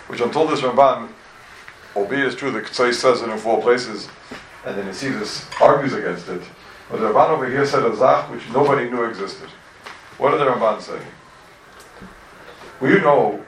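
A man teaching a Talmud class, animated and full of rhetorical questions, recorded from a distance in an echoey room. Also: medium pitch, a little hiss or hum. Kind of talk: lively Talmud class lecture.

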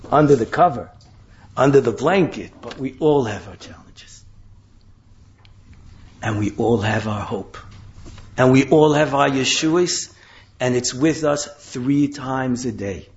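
A man's voice: medium pitch, slow, long pauses, darkish tone, lo-fi sound, a little hiss or hum. A man giving an impassioned sermon, with dramatic rises into questions and Hebrew terms woven in. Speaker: rabbi giving a Torah talk.

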